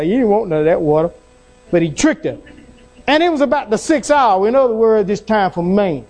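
High-voiced fervent man preaching. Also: expressive, brisk, darkish tone. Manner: fervent preaching, calling out to the congregation; folksy, plainspoken talk with repetition. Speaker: pastor. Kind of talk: sermon.

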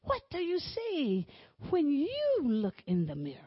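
A woman preaching a sermon, swinging from loud exclamations to hushed whispers. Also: high voice, wildly swooping pitch, a little slow, no echo, dull audio.

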